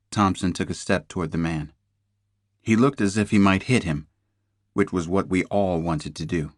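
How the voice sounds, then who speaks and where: A man narrates a crime thriller in the first person, measured and tense. His voice sits low, and the read is close and dry. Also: no echo. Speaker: audiobook narrator.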